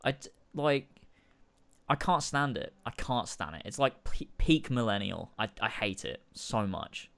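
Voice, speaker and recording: A man co-hosting a laid-back podcast, his voice sitting at an ordinary middle pitch. He rants and swears freely, often stopping and restarting his sentences. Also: big pitch swings, unhurried, gravelly, fairly bright tone. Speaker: podcast co-host. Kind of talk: casual podcast chat.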